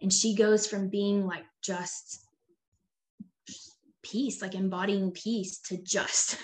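Chatty mom, filler-heavy talk. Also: female voice, medium pitch, level tone, slow pace. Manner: chatty, many "like" fillers, acts out quoted voices. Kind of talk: casual conversation.

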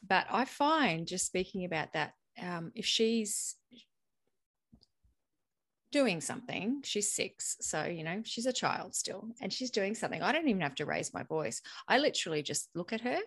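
A woman's voice: medium pitch, normal speed. A woman, hosting a casual conversation and telling stories with frequent laughter. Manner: animated storyteller, laughs often.

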